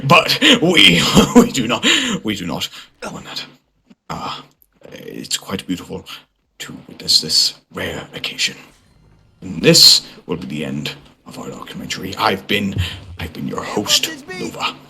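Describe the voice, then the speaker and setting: A man's voice: low-pitched, sing-song, measured pace, vocal fry, bright, forceful tone, a little hiss or hum, exaggerated voice. A man putting on a pompous nature-documentary narrator voice in voice chat, speaking with mock-solemn gravity. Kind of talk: voice chat role-play.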